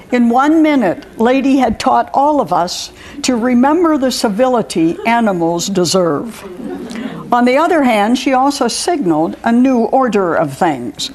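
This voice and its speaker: Woman author reading her own story, wry and amused; slightly high voice, faint background hiss. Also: animated, moderate pace, some chatter behind. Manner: wry, warm humor with frequent laughter.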